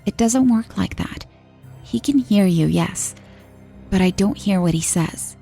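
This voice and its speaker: A woman voicing a short psychic medium who speaks quietly and in measured words about a spirit. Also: mid-range voice, lively intonation, vocal fry, soft background music. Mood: calm. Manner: quiet, measured, sometimes hushed.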